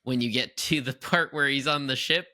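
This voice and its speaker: A young man co-hosting a podcast in casual chat, animated, often breaking into exaggerated impressions. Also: mid-range voice, moderate pace. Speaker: podcast co-host.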